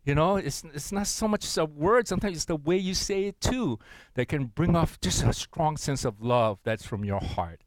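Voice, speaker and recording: A middle-aged man preaching a sermon in a playful, animated way, swinging between loud bursts and hushed asides. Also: fairly high pitch, normal speed, no room sound, low-quality recording. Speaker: pastor.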